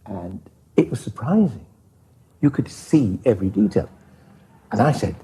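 Brief: male storyteller, low warm voice, lively pitch, faint hiss behind. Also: poor audio. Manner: measured storytelling. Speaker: documentary cameraman in archive clip. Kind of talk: recounted anecdote.

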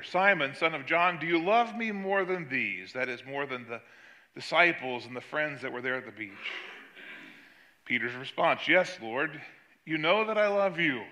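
Older man, pastor, sermon, very bright voice, slightly high pitch. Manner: storytelling, acts out quoted voices with rising pitch.

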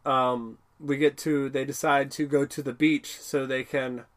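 A man's voice: mid-range voice, a little slow. A man co-hosting a podcast, rambling through a casual episode recap with many fillers and laughs. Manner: rambling, with many fillers and laughs, bursts into excited character quotes. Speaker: podcast co-host.

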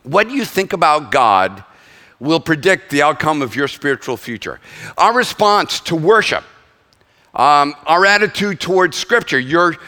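A man preaches to a congregation in a lively, animated manner, jumping between jokes and earnest points. His voice sits a little high and bright. The sound carries the long reverb of a large church hall. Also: unhurried. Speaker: pastor. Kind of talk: sermon.

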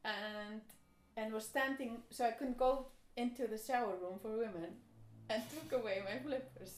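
A woman telling a rambling, animated story in casual chat, with plenty of fillers. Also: a little high, moderate pace, a little hiss or hum. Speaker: storyteller guest. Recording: echoey room.

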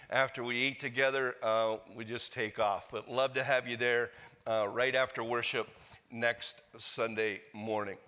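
A man's voice: medium pitch, bright, forceful tone. A man preaching a sermon as the pastor, earnest and leading the congregation in reading aloud. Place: church sanctuary. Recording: long reverb of a church hall.

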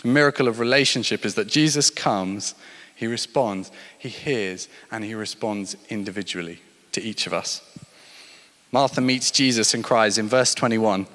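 A man's voice: on the low side, normal speed, fairly bright tone. Man preaching in a reverberant hall. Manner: storytelling, rising and falling with emphasis. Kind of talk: sermon.

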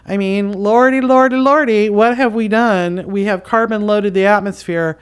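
A woman's voice: mid-range voice, fairly even intonation, moderate pace, clear, resonant tone. A woman hosting a podcast, giving a spiritual commentary monologue in an impassioned, emphatic, casual way with frequent fillers. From outside the US. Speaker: podcast host.

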